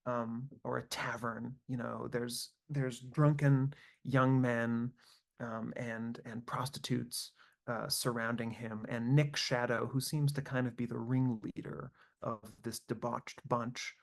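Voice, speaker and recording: A man's voice: medium pitch, gravelly. A male composer giving an online lecture over a video call, speaking in a thoughtful, searching way with frequent fillers and restarts. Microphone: computer mic on a video call.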